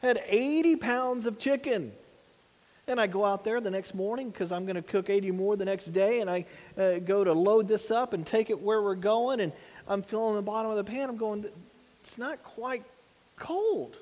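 Male pastor, high-pitched voice, casual sermon delivery, heavy hall reverb. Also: a little fast, darkish tone. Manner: conversational preaching with rhetorical questions.

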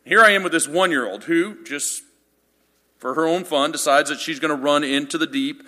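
A man in his thirties gives a sermon in a slightly high, bright and forceful voice. He tells stories that poke fun at himself, then builds to loud, emphatic passages. His words carry a long reverb, as in a large hall. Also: normal speed. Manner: animated storytelling with self-deprecating humor, building to loud emphatic passages. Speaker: pastor.

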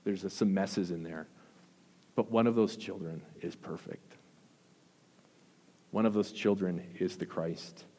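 A man preaching a sermon as pastor, earnest, with emphatic rises and soft, intense drops. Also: deep voice, slow, long pauses. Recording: long hall reverb.

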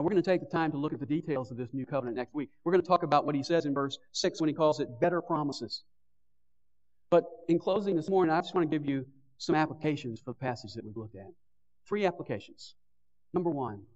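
Pastor guy preaching a sermon, kinda high voice, goes loud then quiet and pleading, muffled old church recording. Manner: earnest preaching, swinging between stressed bursts and hushed pleading.

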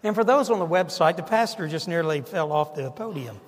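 High-voiced man preaching in a hall. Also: expressive, a little fast, hardly any pauses. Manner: emphatic preaching with rhetorical questions and lists. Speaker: pastor. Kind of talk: sermon.

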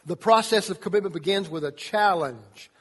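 Husky high-voiced man preaching in a hall. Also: moderate pace. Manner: animated preaching, acting out quotes in changing voices. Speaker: youth pastor. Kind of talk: sermon. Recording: long reverb of a large hall.

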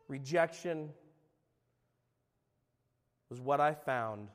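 Male pastor, middle-aged, high voice; confessional sermon testimony, loud to hushed, church-hall reverb. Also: sing-song, slow pace, long pauses. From California. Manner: earnest, confessional, swings between loud and hushed. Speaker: guest speaker, former youth pastor.

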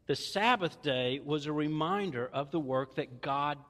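Southern guy preaching, kinda high voice, chatty and folksy, long echo like a church hall. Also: measured pace, a bit bright. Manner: folksy, conversational preaching with playful asides. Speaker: pastor. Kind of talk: sermon.

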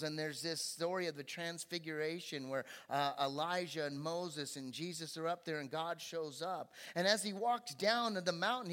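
A middle-aged man with a slightly higher voice delivers a sermon from the pulpit. He talks to the congregation in a conversational, down-to-earth way, now and then climbing into louder, emphatic stretches. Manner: conversational preaching with rising emphatic bursts. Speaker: pastor.

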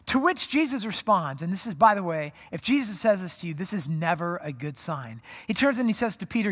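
A pastor giving a conversational sermon at a worship service, telling the story in an animated way with frequent restarts. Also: medium pitch, a little fast. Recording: long hall reverb.

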